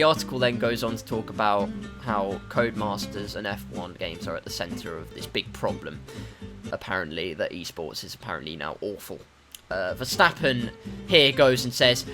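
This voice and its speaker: A man's voice: on the low side, normal speed, music in the background. A man giving a sarcastic, swearing commentary about a racing video game on a desktop USB mic. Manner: sarcastic, swearing, swings to shouting. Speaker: gaming commentator.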